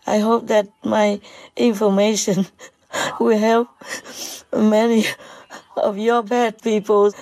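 A woman giving an emotional spiritual talk, halting, with many fillers and repeated words. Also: mid-range voice, darkish tone, dry recording, low-quality recording.

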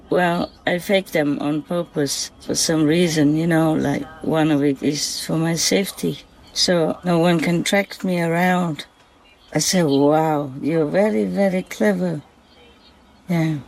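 A speaker talking gently and affectionately in a spoken diary, soft-spoken and unhurried. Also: mid-range voice, vocal fry, slight background noise, rough recording.

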